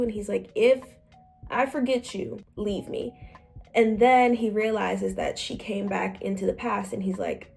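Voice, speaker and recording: Young woman, casual book review, chatty, soft music behind. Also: mid-range voice, steady tone, normal speed, vocal fry. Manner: chatty, acts out quotes in different voices. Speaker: book club vlogger.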